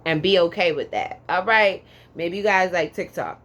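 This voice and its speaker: A woman's voice: lowish voice, normal speed, fairly bright tone, lo-fi sound. A woman giving a casual pick-a-card tarot reading in a sassy, profane, emphatic way, drawling words for emphasis and tagging lines with "okay?".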